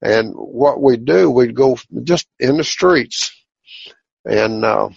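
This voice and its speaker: A man tells his religious testimony in a folksy, plainspoken, halting way, on a dull lo-fi recording. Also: mid-range voice, vocal fry, breathy edge, no room sound. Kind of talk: personal testimony storytelling.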